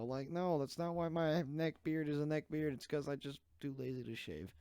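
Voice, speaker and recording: A man's voice: on the high side, moderate pace, warm tone, clear, resonant tone, dry recording. A young man hosting a podcast on his own, talking in a rambling, sarcastic way and jumping from one tangent to the next in a small room. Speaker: podcast host. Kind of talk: casual solo podcast rant. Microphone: desk microphone.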